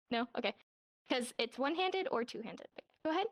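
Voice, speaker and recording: A woman's voice: high-pitched, animated, normal speed, no room sound. A young adult woman teaching a casual sign language class in virtual reality. She talks in a chatty way, acts out quoted lines and laughs often, speaking into a headset mic.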